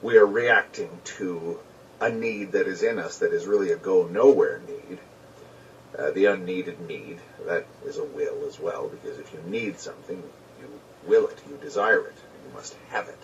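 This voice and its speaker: A man's voice: deep voice, moderate pace, slight background noise. A man musing aloud, hesitant and questioning, with frequent ums. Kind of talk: musing discussion. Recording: muffled distant recording played back.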